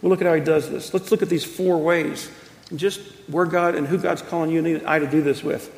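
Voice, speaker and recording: A pastor in his fifties preaching a sermon, telling stories emphatically with slow, drawn-out pauses. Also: fairly high pitch, steady tone, gravelly. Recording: echoey church hall.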